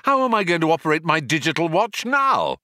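A man's voice: on the high side, sing-song, fairly quick, sharp tone, no room sound, clean studio sound, voice pushed up. A man doing a bewildered, plaintive Arthur. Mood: alarmed. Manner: rising, exasperated questions.

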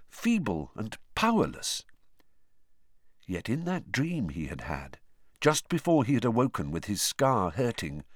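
A man reading an audiobook aloud in expressive, storytelling narration. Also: fairly low pitch, dry recording, studio quality. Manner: expressive storytelling with lively intonation. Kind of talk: scripted narration.

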